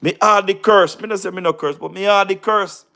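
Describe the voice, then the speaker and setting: A tired man with a Jamaican accent talks casually to his live-stream audience in a slightly high voice. He slips into patois, repeats himself for emphasis, and calls out viewers by name. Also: fairly even intonation, a little fast, gravelly, pushed and bright.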